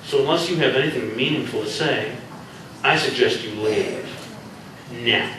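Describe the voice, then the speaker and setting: A man's voice: medium pitch, normal speed, background noise, close to an everyday voice. A man voicing a defiant young woman who talks back with force, recorded from far off in an echoey room.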